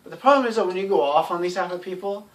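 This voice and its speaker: A man's voice: high-pitched, racing, far from the mic. A man talking in a casual, rambling monologue, blunt and sarcastic, with lots of "you know" fillers. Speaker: YouTube commentator.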